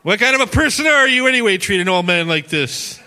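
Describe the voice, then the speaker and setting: A man in a sermon acting out an indignant old man who shouts at a stranger, loud and drawn out. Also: high-pitched, lively intonation, voice pushed up, exaggerated voice. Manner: screaming, indignant, slow and loud.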